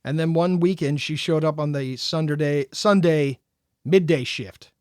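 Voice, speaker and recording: A man's voice: on the high side, measured pace, a little mellow, clear, resonant tone, no echo, studio quality. A man co-hosting a podcast, telling a story in casual chat and acting out the quoted lines with animation. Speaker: podcast co-host.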